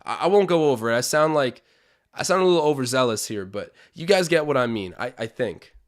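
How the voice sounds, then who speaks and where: A man's voice: medium pitch, lively intonation, fairly quick. A young man hosting a live-stream watch-along, chatting opinions, calling plays and reading out viewer comments.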